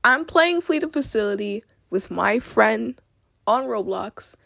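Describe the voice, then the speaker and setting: A woman's voice: a little high, expressive, a little slow, vocal fry, fairly bright tone, dry recording. A young woman in her teens ranting angrily to camera, swearing a lot and saying "like" often. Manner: ranting, heavy swearing, lots of "like". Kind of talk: angry rant vlog.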